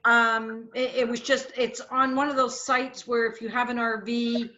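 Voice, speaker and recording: A woman's voice: fairly high pitch, flat delivery, normal speed, pushed and bright. A woman chatting with family about trip plans on a video call. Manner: chatty, planning aloud. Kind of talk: casual family chat. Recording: muffled video call audio.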